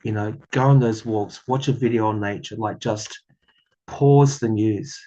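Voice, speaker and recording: A man's voice: on the low side, fairly even intonation, a little slow, dark tone, a little hiss or hum, low-quality recording. A man talking casually in a tarot reading vlog, rambling and earnest, often laughing at himself. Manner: rambling, earnest, chatty with self-deprecating laughs. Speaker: tarot reader.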